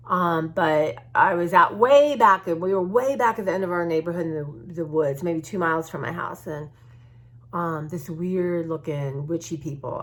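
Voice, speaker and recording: A woman speaking in a slightly rough voice on the low side vlogs from home about art journaling. She chats to her viewers casually, rambling and open-hearted, with many restarts.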